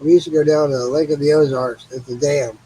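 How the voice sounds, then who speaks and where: A man's voice: a little high, steady tone, quick pace, dark tone, a little hiss or hum, poor audio. A middle-aged man from Missouri, tipsy, hosting a casual late-night chat with loose swearing and easy laughs. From Missouri, USA. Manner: laid-back, swears freely, laughs often. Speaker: host of a live stream.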